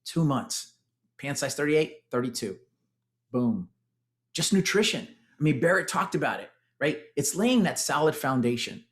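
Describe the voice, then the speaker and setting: A man's voice: fairly high pitch, lively intonation, unhurried. A man in his forties with a Texan accent, telling his fitness story with energy to an audience he keeps calling "guys". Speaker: former tech executive sharing his testimonial. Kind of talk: motivational testimonial talk.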